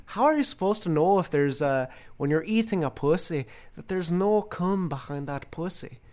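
A man's voice: high-pitched, moderate pace, lightly acted. A man doing a rambling, absurd impression of a male pundit professor on a comedy podcast. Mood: rambling rant. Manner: rambling, absurd, deadpan storytelling.

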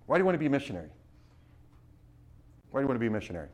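A man preaching to a missionary class, urging his listeners with rapid rhetorical questions and frequent restarts. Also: medium pitch, very animated, a little mellow. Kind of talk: sermon-style teaching.

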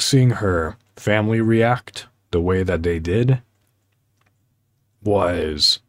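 A man with a low voice hosts his own podcast and talks unhurriedly. He rambles in a heartfelt way, full of ums and restarts. The sound is dry and close, with no room around it. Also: no echo. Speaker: podcast host. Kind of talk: casual solo podcast talk.

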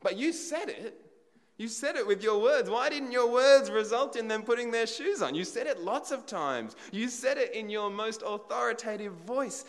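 A man's voice: sits high, long reverb tail. A man preaching a sermon in a conversational way, asking the congregation rhetorical questions.

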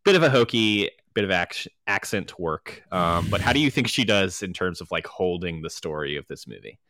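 A man's voice: deep voice, moderate pace, no echo. A man co-hosting a movie podcast, chatting casually and sharing behind-the-scenes trivia. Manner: relaxed, swears casually, shares trivia. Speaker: podcast co-host.

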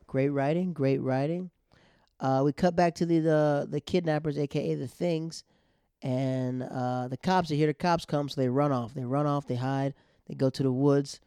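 A young man hosting a recap show, telling the story of an episode in a casual, slangy and animated way. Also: on the high side, moderate pace, smooth, dry recording, studio quality. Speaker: podcast host recapping a TV episode.

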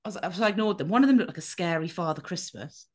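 Woman, podcast co-host, casual chat, swings her low voice up and down, sweary storytelling. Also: expressive, fast talker.

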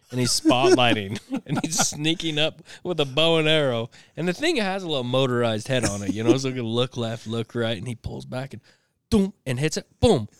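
A man hosting a casual chat, telling stories in a lively way and laughing often. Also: mid-range voice, dry recording. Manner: animated storyteller, laughs often. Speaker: podcast host.

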